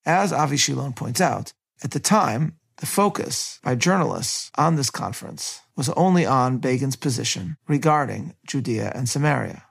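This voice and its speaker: Gravelly, husky male history narrator. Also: mid-range voice, expressive. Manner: measured, reads quotations aloud. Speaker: history lecturer.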